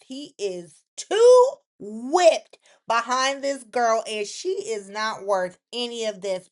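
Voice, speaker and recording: A woman hosting a casual recap vlog, chatty and opinionated, acting out quotes with sudden jumps in voice. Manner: chatty, animated, acts out characters' quotes in lively pitch jumps; opinionated asides to the viewer. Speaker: soap opera recap host.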